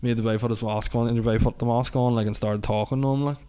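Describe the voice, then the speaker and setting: A man's voice: medium pitch, steady tone, fast, dark tone, clean tone. Chatty young man. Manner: rambling, lots of filler "like", swearing. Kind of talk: casual podcast chat.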